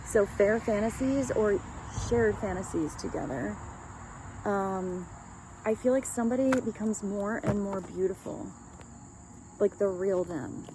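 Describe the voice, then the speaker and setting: A woman's voice: medium pitch, measured pace, background noise. A woman giving a casual, rambling love reading as a tarot reader, chatting with light laughs.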